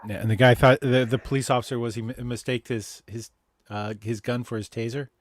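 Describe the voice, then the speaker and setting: A man's voice: mid-range voice, level tone, a little fast. A man co-hosting a casual video call chat, telling stories with wry jokes. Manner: wry, joking, easygoing storytelling. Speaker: co-host.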